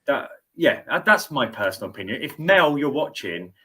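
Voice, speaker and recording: A man's voice: medium pitch, sing-song, moderate pace, pushed and bright, slightly rough. A middle-aged man hosting a sports show, chatting casually and repeating words as he thinks aloud. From United Kingdom. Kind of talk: casual studio interview chat.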